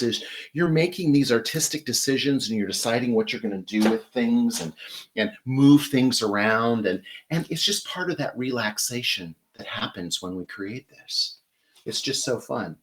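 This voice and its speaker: A man's voice: mid-range voice, expressive, normal speed, slight background noise. A man hosting a live flower-arranging demonstration, chatty and enthusiastic as he talks while working with his hands. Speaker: florist host.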